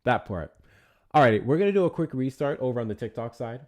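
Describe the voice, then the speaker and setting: A man's voice: mid-range voice, animated, brisk, darkish tone. A man from the United States hosting a political livestream, chatting loosely with viewers and swearing freely. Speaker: livestream host. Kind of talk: casual livestream chat.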